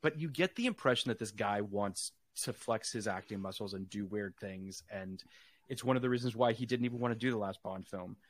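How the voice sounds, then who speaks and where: A man's voice: lowish voice, fairly quick. A man guesting on a podcast, chatting casually about a film in an opinionated, rambling way and swearing freely.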